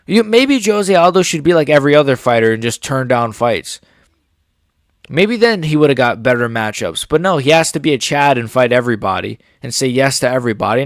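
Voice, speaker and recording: A young man giving a profane, heated fight reaction as an MMA YouTuber, often swearing and rising into shouts. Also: medium pitch, dry recording, clean studio sound.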